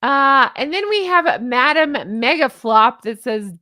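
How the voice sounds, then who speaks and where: A woman in her forties with a fairly high voice talks through a casual commentary vlog. She is sarcastic and exasperated and laughs often. The sound is dry and close, with no room echo. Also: expressive, unhurried, pushed and bright. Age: 40s. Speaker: commentary vlogger.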